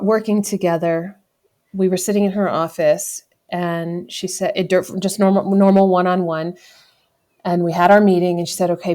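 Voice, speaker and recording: A woman in her thirties from the United States speaks in a slightly low voice as a podcast guest. She tells a personal story candidly and reflectively, often breaking off to correct herself and laughing now and then. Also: a little mellow. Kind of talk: conversational storytelling.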